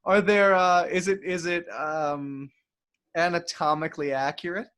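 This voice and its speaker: A man's voice: a little high, steady tone, measured pace, a bit bright, clean tone. A man co-hosting a podcast in casual chat, laughing often and exclaiming. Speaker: podcast co-host.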